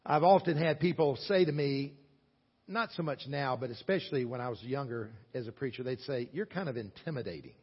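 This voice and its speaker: A man in his sixties from the American South with a Southern accent, preaching a sermon earnestly, with loud stresses and quiet asides. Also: mid-range voice, brisk, breathy edge. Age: 60s. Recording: long hall echo, dull lo-fi sound.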